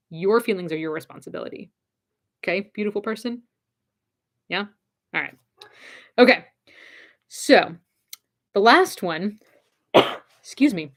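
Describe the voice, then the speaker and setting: A woman giving casual advice in an encouraging, direct way, repeating her key phrases. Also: mid-range voice.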